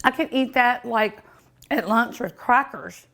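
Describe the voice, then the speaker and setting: A woman's voice: on the high side, a little slow, creaky, fairly bright tone. A woman hosting a cooking show, tasting her food with many delighted mmms and chatting to her dog and her viewers. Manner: sometimes talks with mouth full. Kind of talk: casual food tasting vlog.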